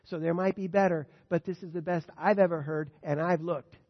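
A man preaching a sermon, dropping to quiet asides and rising to loud, emphatic readings of scripture. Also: a little high, steady tone, brisk. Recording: dull sound in a reverberant hall.

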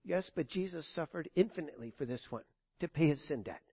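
A man voicing Mercy as a strong but gentle soldier in a sermon story, speaking softly. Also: expressive, fairly quick, slightly rough, no room sound, dull audio. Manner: gentle tone, soft and low.

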